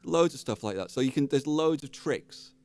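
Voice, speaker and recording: A man's voice: mid-range voice, expressive, moderate pace, a little mellow, no room sound. A middle-aged man, a guitarist guest, talking in a casual, enthusiastic, rambling way with jokes. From England. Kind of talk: casual interview chat.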